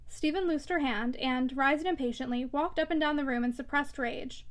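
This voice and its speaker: Female audiobook reader, high voice, measured expressive narration. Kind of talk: reading a classic novel aloud.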